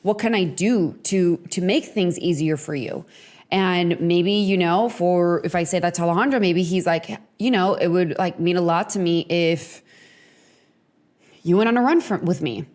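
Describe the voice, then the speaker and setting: A young woman chats her way through advice on her podcast, filling her talk with "like" and "you know". Her voice sits a little low for a woman. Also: normal speed, a little mellow. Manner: chatty, frequent "like" and "you know". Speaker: podcast host.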